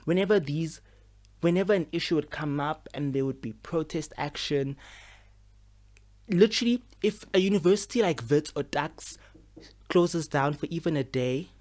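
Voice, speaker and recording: Young man in his twenties, casual to-camera vlog at home, expressive and frustrated, lots of fillers. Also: on the high side, moderate pace. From South Africa. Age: 20s. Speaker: medical student vlogger. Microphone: camera with a mic.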